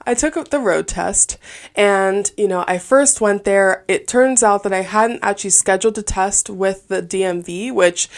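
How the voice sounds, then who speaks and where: A twenties-aged woman with a medium-pitched, vocal-fry voice hosts her own podcast. In this casual solo episode she shares personal stories, chatty and candid, with plenty of fillers.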